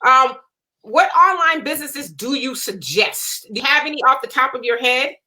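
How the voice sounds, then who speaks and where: A woman with a high, bright voice hosts a casual chat. She reads viewer comments aloud and keeps the conversation moving. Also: expressive, moderate pace, poor audio. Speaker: host reading viewer comments.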